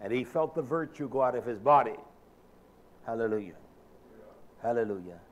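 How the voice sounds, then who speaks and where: A male preacher giving a sermon in a dramatic, colloquial manner, swinging from shouted lines to low murmurs. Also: expressive, moderate pace, highs cut off.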